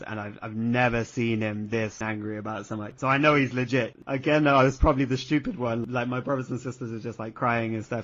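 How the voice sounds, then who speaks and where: A man's voice: medium pitch, a bit bright. A young man telling a story in casual podcast chat, swearing freely and laughing often. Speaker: podcast co-host. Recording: dull lo-fi podcast audio.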